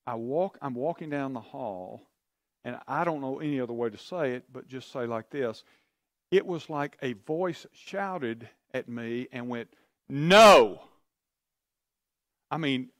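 A man's voice: mid-range voice, dry recording, clean studio sound. A man preaching a sermon, telling a personal story in an earnest, confiding way and acting out his own prayers and conversations. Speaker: pastor.

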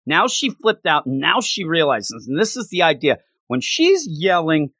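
A man co-hosting a casual podcast chat, talking animatedly and acting out characters' lines in quick bursts. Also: a little high, very animated, vocal fry, fairly bright tone, no echo. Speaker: podcast co-host.

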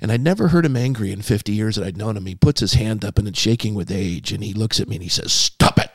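A man's voice: lowish voice, quick pace, dry recording, studio quality. A man, a pastor, telling a long personal story on a podcast and acting out a commanding old man's lines. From California.

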